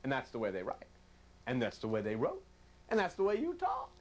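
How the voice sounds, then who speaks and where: A man preaching a sermon on scripture in a folksy, animated way, acting out quoted voices. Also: mid-range voice, fairly quick.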